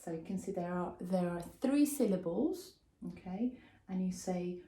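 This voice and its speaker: A woman's voice: lowish voice, animated, moderate pace, dark tone. A young woman teaching a vocabulary lesson, explaining patiently and checking in with "okay?". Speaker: English teacher. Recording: roomy echo.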